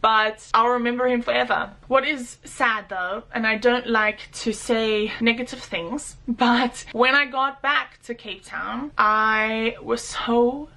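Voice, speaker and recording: A young South African woman in her twenties, telling her own stories in an interview. Her voice sits fairly high and sounds bright and sharp. She talks in an animated way and acts out what other people said. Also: slow pace, creaky, hardly any pauses. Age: 20s. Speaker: interviewee, motorcycle rider. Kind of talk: personal storytelling interview.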